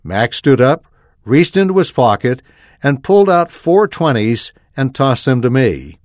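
Expressive male story reader. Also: mid-range voice, measured pace, dry recording, clean studio sound. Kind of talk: first-person story reading.

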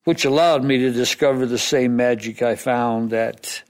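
A man's voice: medium pitch, fairly even intonation, moderate pace. A man sharing his story at a recovery meeting, plainspoken and self-deprecating about his past. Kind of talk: personal testimony.

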